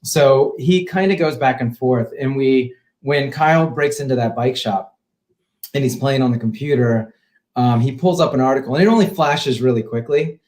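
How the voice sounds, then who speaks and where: A man, an independent filmmaker, telling stories in a relaxed, rambling way as a podcast guest. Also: mid-range voice, moderate pace. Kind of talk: casual interview chat.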